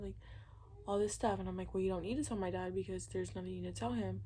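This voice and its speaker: A young woman vlogger casually tells a personal story in a mid-range, husky, darkish voice, speaking fairly quickly with fairly even intonation. She's candid and chatty, fills her talk with "like" and acts out what people said.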